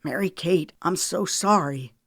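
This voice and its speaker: Woman reading as a steady young man. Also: fairly low pitch, a little slow, creaky, dry recording, studio quality. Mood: firm.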